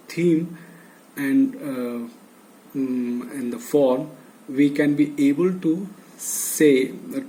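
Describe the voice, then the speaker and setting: A man's voice: mid-range voice, mellow, slight background noise, poor audio. A man with an Indian English accent giving a university lecture, hesitant, with many filler sounds, listing terms one by one. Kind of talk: slow recorded lecture.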